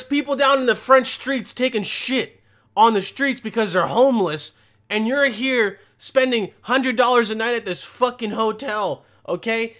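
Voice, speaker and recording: A young man with a high, light voice rants through comedic reaction commentary. He rambles, swears freely and works himself into mock outrage. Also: moderate pace, a bit bright. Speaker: commentary host.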